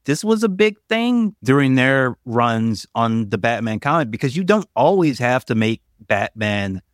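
A man chats on a podcast in a conversational, hedging way, full of fillers and side remarks. His voice sits at a middle pitch and sounds close and dry. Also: sing-song, unhurried, no room sound. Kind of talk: casual discussion.

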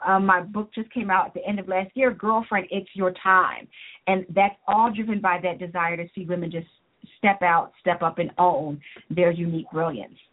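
A woman's voice: lowish voice, fairly even intonation, normal speed. A woman business coach and author, speaking earnestly and motivationally as an interview guest. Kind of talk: interview guest on a talk show. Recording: tinny phone-line sound.

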